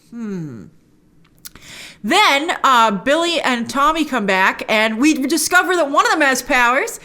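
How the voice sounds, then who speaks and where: A woman hosting a show, recapping and reacting to a TV episode in casual chat, animated, slipping into quoted character voices. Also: fairly high pitch. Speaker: host reviewing a TV episode.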